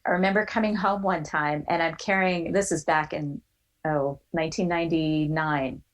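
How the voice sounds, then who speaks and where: Animated woman telling a personal story. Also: low-pitched, normal speed, poor audio. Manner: animated storyteller, acts out quoted voices. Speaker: guest.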